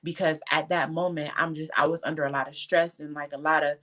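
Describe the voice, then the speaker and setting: Guest: fervent woman with a low voice, emotional testimony, close to tears. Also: level tone, brisk, pushed and bright. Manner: fervent, faith-filled, tearful. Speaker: guest entrepreneur.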